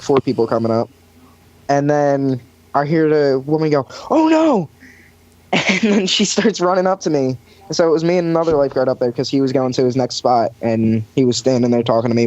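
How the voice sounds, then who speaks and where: A man's voice: mid-range voice, a little mellow, no room sound. A young man casually telling a long work story on a podcast, full of fillers and acted-out quotes. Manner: rambling storyteller with many fillers, acts out quoted voices. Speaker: podcast guest recounting lifeguard job. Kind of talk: casual chat. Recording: dry, dull lo-fi sound.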